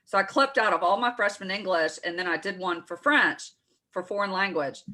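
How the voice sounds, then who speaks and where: A woman's voice: medium pitch, fairly quick, bright, forceful tone, slight background noise. A woman in her forties with a Texas accent, co-hosting a casual morning show and telling rambling stories with self-correcting asides. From Southern United States. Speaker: co-host.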